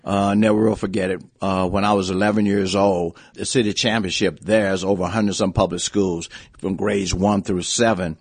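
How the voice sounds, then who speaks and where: A man's voice: low-pitched, level tone, moderate pace, breathy edge, dry recording. A man in his seventies, a former coach, telling long rambling anecdotes in a casual interview. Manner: rambling anecdotes, frequent restarts and "you know". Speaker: former basketball coach, guest.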